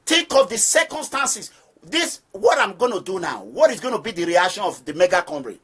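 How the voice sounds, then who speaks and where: His high voice swings widely in pitch, fairly quick, a bit bright and slightly rough, with a Nigerian accent. As an activist movement leader, he gives emphatic, preaching political commentary straight to listeners, repeating phrases to hammer them home.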